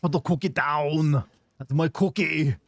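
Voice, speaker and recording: A man putting on the voice of a musclebound action-movie hero, shouting drawn-out catchphrases. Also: on the high side, no room sound. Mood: bellowing.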